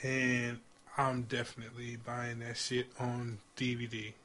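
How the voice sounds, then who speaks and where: A man's voice: medium pitch, completely flat delivery, unhurried, sharp tone. Chatty, enthusiastic man podcast host. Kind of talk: casual chat.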